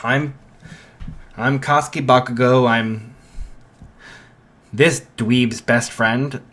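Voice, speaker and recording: Man voicing a jealous teen boy rival, gruff, grumbling, insulting. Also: mid-range voice, fairly even intonation, takes it slowly, a bit bright. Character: hot-headed jealous teenage boy rival.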